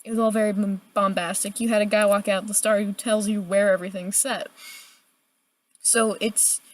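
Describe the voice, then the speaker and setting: A young adult woman giving a casual, chatty video review, animated and full of filler words. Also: medium pitch, moderate pace. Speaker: book reviewer.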